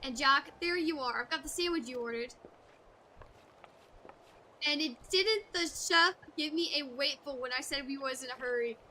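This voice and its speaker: A hapless rogue lackey who talks in folksy, rough grammar, read aloud by a woman streamer. The voice stays high. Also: moderate pace, long pauses, bright, forceful tone, a little hiss or hum. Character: hapless male rogue errand boy. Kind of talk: reading game dialogue aloud.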